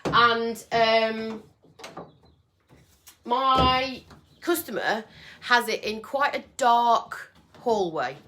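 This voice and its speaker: Bright-voiced chatty woman. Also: a little high, very slow, long pauses, slight background noise. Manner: chatty and self-deprecating, many ums. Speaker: furniture painter and livestream host. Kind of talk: casual livestream chat. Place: home with doors open.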